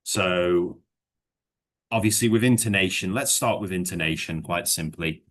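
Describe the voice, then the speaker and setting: In a deep, slightly slow voice, a man gives a relaxed one-on-one English lesson. He wanders and hedges, filling gaps with lots of fillers, then works through examples to explain.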